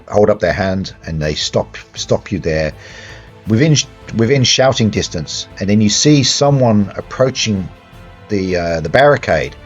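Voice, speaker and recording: A man narrating a tabletop horror game as game master, speaking haltingly with many fillers and restarts. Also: fairly low pitch. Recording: dull lo-fi sound with faint music.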